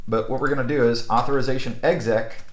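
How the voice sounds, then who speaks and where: A man's voice: medium pitch, fairly even intonation, quick pace. Casual man teaching in an echoey room. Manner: casual, with frequent "okay?" and "right?" checks. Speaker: network instructor. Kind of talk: screen-recorded technical tutorial.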